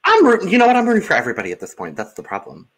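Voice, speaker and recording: A man's voice: high voice, wildly swooping pitch, rapid-fire. A man co-hosting a podcast in casual chat, chiming in often with short agreements. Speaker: podcast co-host.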